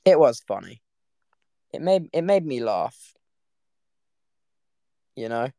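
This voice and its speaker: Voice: medium pitch, very animated, takes it slowly, mellow, no echo. Giggly rambling young vlogger. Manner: giggly, rambling, trails off mid-sentence. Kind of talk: casual storytelling to camera.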